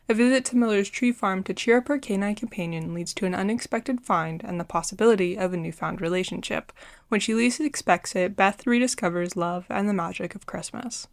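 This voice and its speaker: A woman giving a casual book review, retelling the story in an earnest, heartfelt way. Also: mid-range voice.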